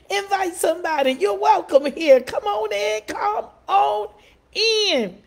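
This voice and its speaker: A woman's voice: very high-pitched, takes it slowly, gravelly. A woman pastor, greeting viewers playfully at the start of a livestreamed sermon.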